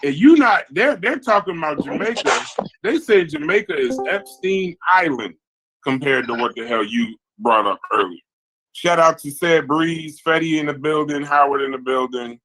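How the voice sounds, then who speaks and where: Slightly high-voiced and speaking at a moderate pace, this podcast host leads a heated, casual debate. The low-quality recording carries a little background noise as he animatedly reads chat comments and jumps between topics.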